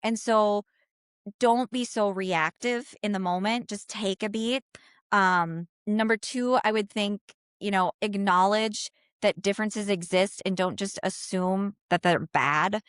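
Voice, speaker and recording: A woman from Minnesota speaks with a clear, smooth voice and a Minnesota accent. She talks as a podcast guest in a casual, animated way. The sound is dry and close. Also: medium pitch, unhurried, no echo. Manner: animated, talks with her hands in words, lots of "like" and "you know".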